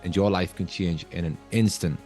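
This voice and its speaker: A man hosting a podcast, giving an earnest, emphatic motivational monologue at a slow, coaching pace. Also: low voice, fairly even intonation, dark tone, soft background music. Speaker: podcast host.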